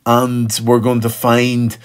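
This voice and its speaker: A man's voice: medium pitch, monotone, slow, smooth. Earnest man giving a devotional reflection. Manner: earnest, acts out quoted voices. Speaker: pastor.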